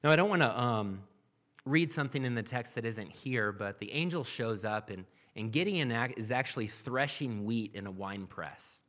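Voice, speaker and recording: A man's voice: medium pitch, animated, moderate pace, fairly bright tone. A man preaching a sermon, reading scripture aloud and then explaining it in a plain, conversational way. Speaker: pastor.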